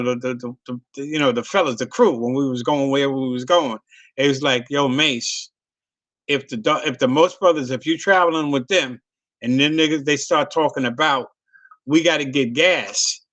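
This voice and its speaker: A man's voice: medium pitch, fairly bright tone. A man hosting a casual interview, telling loose profane stories with many restarts and repeats. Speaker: host.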